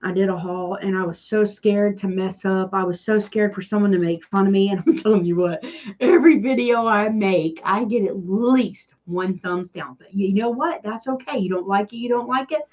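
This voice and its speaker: Southern country woman, chatty DIY streamer, sarcastic, mid-pitched, slightly dull audio. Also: normal speed, darkish tone. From Tennessee. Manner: chatty, self-deprecating, sarcastic. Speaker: DIY channel host doing a live stream. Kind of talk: casual chat with viewers.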